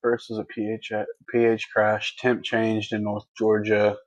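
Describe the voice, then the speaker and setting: A man's voice: fairly low pitch, monotone, a little slow, no room sound, muffled recording. A man co-hosting a livestream, chatting casually and folksily as he reads viewer comments. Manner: laid-back, folksy, laughs easily. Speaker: livestream co-host.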